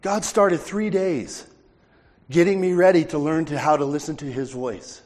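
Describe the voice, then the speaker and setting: A man's voice: a little high, moderate pace, darkish tone, in a large hall. A man preaching a sermon, telling a personal story with impassioned, heartfelt delivery.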